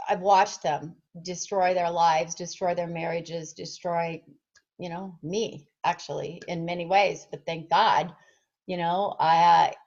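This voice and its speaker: A woman's voice: lowish voice, a little mellow, highs cut off. A woman who works as a fitness trainer and nutrition coach, giving a passionate motivational talk and putting rhetorical questions to her listeners. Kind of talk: direct-to-camera motivational talk.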